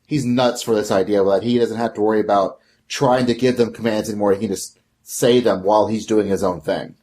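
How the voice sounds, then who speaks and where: A man's voice: lowish voice, fairly even intonation, a little fast, darkish tone. A man chatting casually on a podcast about games, easygoing and blunt, with casual slang. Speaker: podcast guest.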